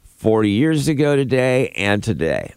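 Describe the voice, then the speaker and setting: A man from Florida hosts a radio show, trading jokes with his co-hosts. His delivery swings up and down with animated pitch. The sound is close and dry. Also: a little slow, smooth, no room sound. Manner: playful, reads out survey results. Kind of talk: casual morning radio banter.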